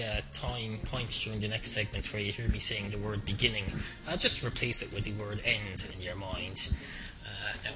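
Rambling, low-voiced man hosting a podcast. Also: poor audio. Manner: dry, rambling and self-mocking, full of uh fillers and restarts. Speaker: podcast host. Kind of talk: rambling solo podcast monologue. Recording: music clearly heard behind the voice. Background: background music.

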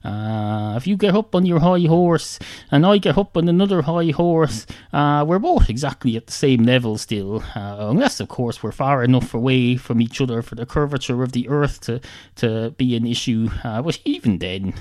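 A man giving a rambling comic monologue, deadpan and halting, with many "uh" fillers. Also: mid-range voice, no room sound. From Ireland.

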